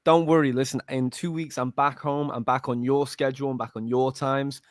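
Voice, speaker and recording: A man's voice: mid-range voice, steady tone, a little fast, no echo, clean studio sound. A man joining a casual fan panel over a video call, laid-back and joking at his own expense. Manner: laid-back, self-mocking banter. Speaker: panel guest.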